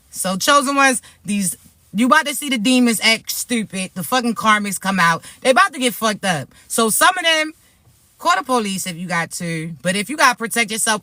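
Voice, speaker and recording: A woman's voice: on the high side, bright, forceful tone, no echo. A woman spiritual reader talking straight to her followers in a vlog, blunt and streetwise, swearing freely as she warns off enemies. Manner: blunt, profane, fired-up warnings; talks hard and streetwise. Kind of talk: direct-to-camera spiritual vlog.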